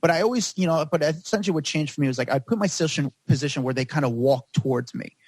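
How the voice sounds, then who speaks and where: Man, podcast guest, rapid rambling storytelling, dry close sound. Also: fairly high pitch, a little mellow, breathy edge, no echo. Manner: rapid, rambling, heavy use of "like". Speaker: paparazzo guest.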